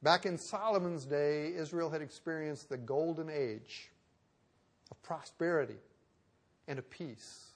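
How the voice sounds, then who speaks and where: A man delivering a sermon with a slightly raised pitch. He talks conversationally, restarting phrases and firing off rhetorical questions. His volume rises for emphasis and drops to near-murmured asides. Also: unhurried. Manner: swings from loud emphasis to soft, hushed asides. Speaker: preacher.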